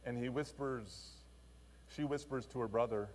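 A male pastor giving a sermon, telling a story in an expressive, animated way. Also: mid-range voice, normal speed, slight background noise. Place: church. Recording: long church reverb.

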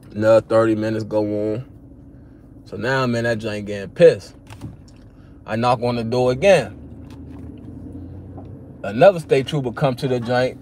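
A man's voice: mid-range voice, slight background noise. Slangy young man telling a story. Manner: animated, slangy, acts out his own quoted replies. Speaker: vlogger telling a personal story. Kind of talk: casual storytelling to viewers.

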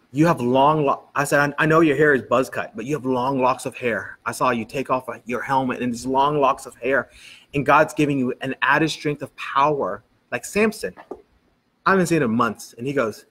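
A male pastor preaching a sermon in a church, telling stories and acting out what people said. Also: mid-range voice. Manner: animated storytelling, quoting people in dialogue.

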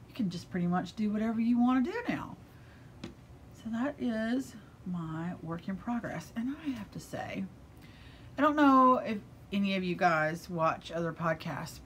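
A middle-aged American woman who owns a yarn shop, chatting casually and enthusiastically about knitting in her shop, gushing with breathy asides. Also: mid-range voice, slight background noise. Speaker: yarn shop owner and vlogger.

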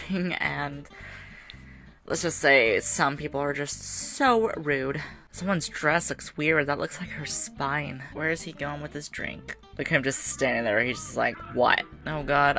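Woman, hoarse and tired, low pitch, gravelly fry, bright edge, rambling gameplay chatter, faint music behind. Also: steady tone, normal speed. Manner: rambling, chatty, frequent laughs and fillers. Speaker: gaming video creator. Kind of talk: casual gameplay commentary.

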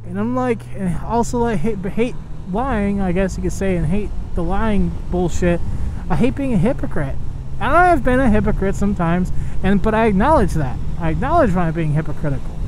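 A man vlogging from his motorcycle on a highway, talking to his viewers with excitable, profane commentary. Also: normal speed. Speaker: motovlogger. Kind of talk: casual ranting commentary while riding. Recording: loud wind and traffic noise from riding.

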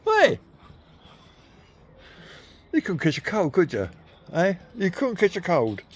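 Filming his dogs in a garden on a handheld camera, a man teases and cheers them on in a chatty, laughing way. His voice is high-pitched and slightly rough, with huge pitch swings and a slow pace.

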